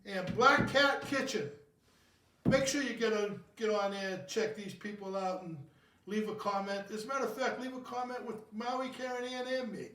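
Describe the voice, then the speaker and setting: High-voiced man joking in a roomy kitchen. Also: moderate pace, pushed and bright, distant mic. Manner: jokey, rambling, self-mocking. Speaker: cocktail show host. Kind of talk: casual home cocktail video. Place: home kitchen. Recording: roomy, from off the mic.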